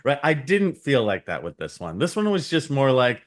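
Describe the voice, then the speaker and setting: A man's voice: medium pitch, huge pitch swings, moderate pace. A man co-hosting a podcast, talking in a rambling, hedging, easygoing way. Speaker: podcast co-host. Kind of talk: casual chat.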